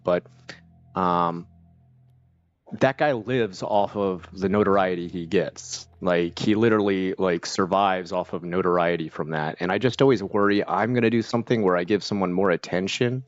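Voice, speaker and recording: A man's voice: low-pitched, no room sound, highs cut off. A man streaming a game, chatting casually and rambling with lots of fillers and restarts. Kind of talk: casual live-stream chat while playing.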